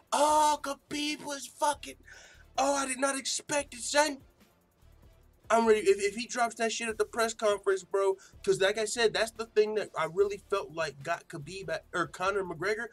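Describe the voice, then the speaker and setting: Brief: excitable male host, fairly high voice, profane casual fight talk, faint music underneath. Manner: excitable, swearing, mimics quotes loudly. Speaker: MMA show host.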